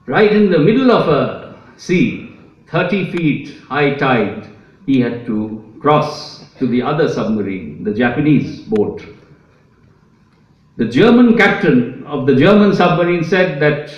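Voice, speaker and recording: A man's voice: a little high, lively intonation, a little slow. A man giving a public lecture with slides, telling a story with apologetic, emotional asides. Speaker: speaker giving a public talk. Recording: echoey hall, distant mic, dull sound.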